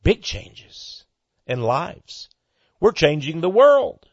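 A man's voice: a little high, sing-song, slow, slightly rough, no echo, dull audio. A man hosting his own radio ministry program, reading a listener's letter aloud and then preaching in a folksy, earnest way that swells into fervent exclamations.

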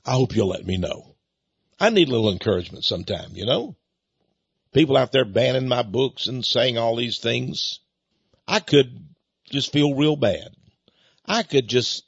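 A man's voice: mid-range voice, vocal fry, slightly rough, dry recording, lo-fi sound. An older man hosting a talk radio show, rambling in a folksy way with chuckling asides. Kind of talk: talk radio monologue with book pitch.

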